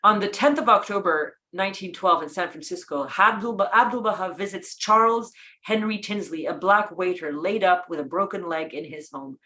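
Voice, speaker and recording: An enthusiastic woman leads a narrated history lesson, pausing for admiring asides. She trips over a word now and then and restarts. Her pitch sits in the middle of the range. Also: sharp tone. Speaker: class presenter.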